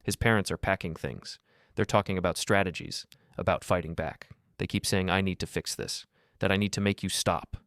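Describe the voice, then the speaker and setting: Frightened young woman voiced by a man, hushed, self-blaming, story reading, dry sound. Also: deep voice, steady tone, normal speed, no echo. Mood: distressed.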